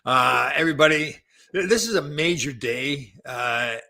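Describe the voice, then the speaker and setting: A man's voice: on the high side, lively intonation, measured pace, bright, forceful tone. A middle-aged man from Canada hosting a casual show, rambling and correcting himself as he hunts for names. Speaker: show host, former hockey player. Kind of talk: casual live show chat.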